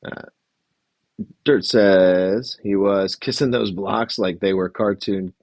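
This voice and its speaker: A man's voice: fairly low pitch, fairly even intonation, takes it slowly, darkish tone, no echo. A man hosting a casual livestream recap, rambling and chatty as he reads from his notes and greets the chat. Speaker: podcast host recapping a reality show.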